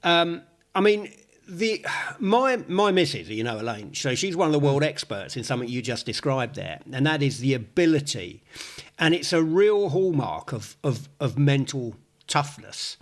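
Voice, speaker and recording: A man's voice: a little high, big pitch swings, moderate pace. A man, a psychologist hosting a podcast, who explains his ideas at length in casual conversation.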